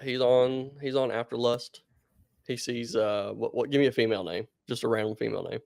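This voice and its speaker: A male podcast co-host with a gravelly voice tells a story in a loose, meandering way. He breaks into laughter often. His voice sits close and dry. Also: mid-range voice, fairly even intonation, fairly quick, a little mellow, dry recording. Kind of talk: casual podcast chat.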